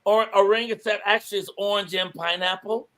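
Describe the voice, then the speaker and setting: A man's voice: high-pitched, steady tone, brisk, pushed and bright. A male comedian telling jokes as a podcast guest, brash, profane and self-assured.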